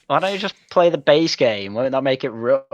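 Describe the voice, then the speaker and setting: A young man from Manchester, England chats bluntly while gaming, swearing and trading mocking banter. His mid-range voice is animated and fairly quick, though the audio sounds dull.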